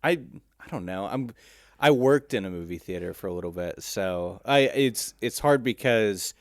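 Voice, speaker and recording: A young man co-hosting a casual podcast chat, talking haltingly with frequent restarts and easy laughter. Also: fairly low pitch, animated, dry recording, clean studio sound. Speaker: podcast co-host.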